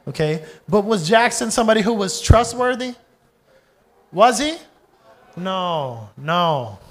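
A young adult man, a pastor, preaching a sermon in an animated storytelling way, asking the congregation questions and acting out voices. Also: sits high, slow pace.

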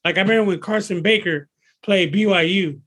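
A man in his fifties, a personal trainer, talking in an excitable, emphatic way and often repeating himself. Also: sits high, a little fast, slightly rough. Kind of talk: casual interview talk.

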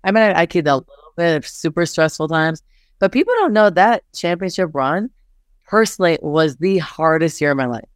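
Smooth-voiced woman coach, animated storyteller. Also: on the low side, fairly quick, no room sound, clean studio sound. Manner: animated storytelling, frequent "like" fillers, acts out quotes. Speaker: basketball head coach, interview guest. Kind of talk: candid interview conversation.

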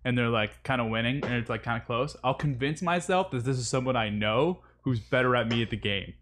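A man in casual gaming chat, telling animated stories and acting out what others said. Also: mid-range voice, a little fast, slight background noise. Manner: animated storyteller, acts out quotes.

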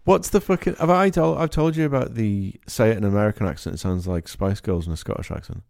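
A man's voice: fairly low pitch, quick pace, gravelly, no room sound, clean studio sound. A man with a Manx accent, co-hosting a casual comedy chat, sweary and laughing as he tells stories. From Isle of Man. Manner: sweary, laughing, animated storytelling. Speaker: podcast co-host.

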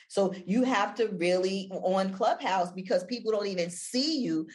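An older woman talking on a video call as an interview guest, animated, with big swings between loud and near-whispered delivery. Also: medium pitch, moderate pace, few pauses. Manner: animated, wide swings of inflection, drops to near-whisper for effect. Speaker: guest, audio-room moderator.

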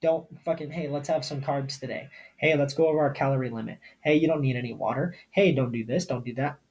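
A man voicing a lazy, whiny inner voice that coaxes someone to skip the gym, in a low, hushed tone. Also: quick pace, gravelly, breathy edge. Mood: coaxing.

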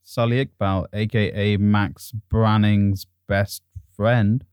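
A young man co-hosting a podcast, dropping slow, low-key, mumbled asides. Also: little pitch movement, darkish tone, smooth, no room sound, clean studio sound. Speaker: podcast co-host. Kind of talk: casual podcast chat.

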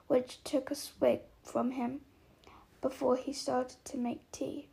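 Slow, creaky-voiced woman reading a story. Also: high voice, a little mellow, low-quality recording. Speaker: narrator.

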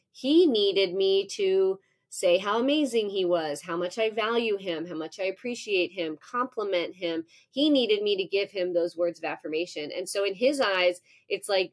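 Woman, forties, professor guest, mid pitch, lively storytelling, plays out her own thoughts. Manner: animated storytelling, acting out her own inner voice. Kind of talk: conversational interview.

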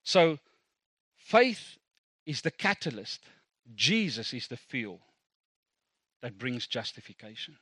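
A man's voice: medium pitch, sing-song, takes it slowly, long pauses, fairly bright tone, no echo. Man, South African accent, Afrikaans native, middle-aged pastor, sermon, conversational asides, dry recording. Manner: conversational, self-deprecating, with asides to the congregation.

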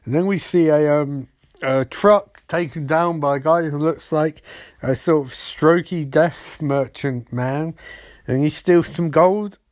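A man's voice: on the high side, slow pace, darkish tone, dry recording, studio quality. A man giving a rambling, sarcastic, profane comedic episode recap.

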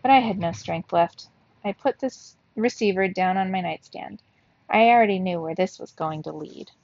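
Woman reading a story aloud, gravelly. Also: fairly low pitch, moderate pace, a little mellow, dry recording. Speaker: story reader for young students. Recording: dull, lo-fi, dry.

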